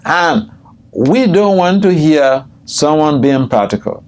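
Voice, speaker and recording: An older man, a swami, teaching a scripture class, telling stories with frequent chuckles and jumping high in pitch when quoting people. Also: very animated, slow pace, a little mellow. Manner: storytelling, chuckles often, jumps high in pitch for quoted speech. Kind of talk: scripture class with personal anecdotes. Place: temple room.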